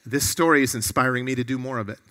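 A man's voice: mid-range voice, quick pace, bright, forceful tone. A man preaching a sermon to a room of listeners, earnest and often putting questions to them.

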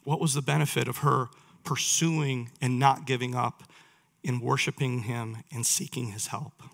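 A man's voice: mid-range voice, steady tone, normal speed, gravelly, fairly bright tone. A man preaching a sermon, reading scripture aloud and putting questions to his listeners. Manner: reads verses aloud, asks the listeners questions.

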